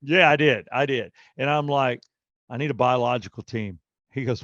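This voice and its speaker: A man's voice: mid-range voice, normal speed, dry recording, lo-fi sound. A middle-aged man co-hosting a podcast, telling a long story in casual chat and acting out everyone's lines as he goes. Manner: animated storyteller, acting out quotes. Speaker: podcast co-host.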